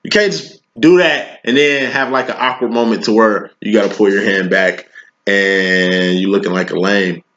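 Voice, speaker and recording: A man doing a laid-back tarot reading speaks at a moderate pace in a fairly low, fairly bright voice. He talks slang and preaches, checking in again and again with "you know what I'm saying." The sound quality is dull and lo-fi.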